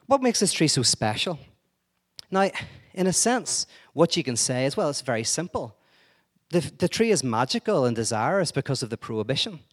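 A man's voice: fairly high pitch, big pitch swings, moderate pace. A man giving an informal lecture in a conversational way, joking and acting out quoted speech.

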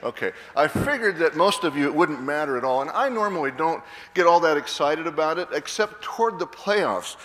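Emphatic older pastor preaching in a reverberant church. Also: male voice, on the high side, animated, brisk, fairly bright tone. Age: 60s. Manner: emphatic, repeats words and restarts, quizzes the congregation. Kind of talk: sermon. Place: church sanctuary.

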